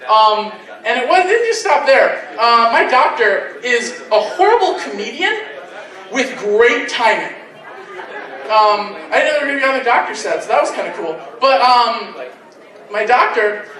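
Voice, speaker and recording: High-voiced man doing crude stand-up. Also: pushed and bright. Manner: crude, self-deprecating storytelling. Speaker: amateur stand-up comedian. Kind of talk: live stand-up comedy. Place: convention stage. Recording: echoey room from far off.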